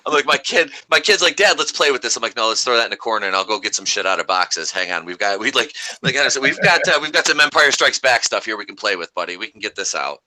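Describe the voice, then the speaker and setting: Bright-voiced man telling a story. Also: on the low side, fast talker, few pauses, rough recording. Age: adult parent. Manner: animated storyteller, swearing. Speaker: podcast co-host. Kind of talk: casual chat.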